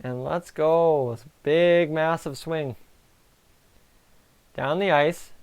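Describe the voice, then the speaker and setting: A Canadian man hosting a live stream, giving excitable, chatty reaction commentary on a hockey game and talking to his viewers. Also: on the high side, takes it slowly, smooth. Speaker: livestream host.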